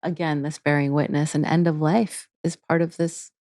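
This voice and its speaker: Earnest, mellow-voiced woman guest. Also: sits low, flat delivery, normal speed, no echo, clean studio sound. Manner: earnest, with frequent restarts. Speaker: guest, integrative therapy teacher. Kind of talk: casual interview talk.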